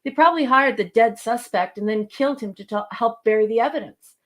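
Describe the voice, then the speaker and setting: A woman's voice: fairly high pitch, fairly quick. A woman co-hosting a podcast, talking affectionately and reading a summary aloud with many hesitations and ums. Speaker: podcast co-host. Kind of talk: casual chat, cold reading a summary.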